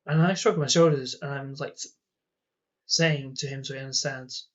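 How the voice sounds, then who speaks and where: A man's voice: mid-range voice, steady tone, moderate pace, a bit bright. A young man telling personal stories in a casual vlog, rambling and exasperated with many fillers. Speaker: vlogger. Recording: dull lo-fi sound.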